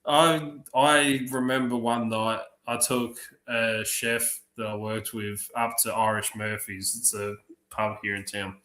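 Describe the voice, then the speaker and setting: A man telling profane, lively stories on a livestream, acting out the other people's lines. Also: fairly low pitch, takes it slowly. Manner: profane, animated anecdotes acting out other voices. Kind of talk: casual storytelling on a livestream. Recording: roomy echo.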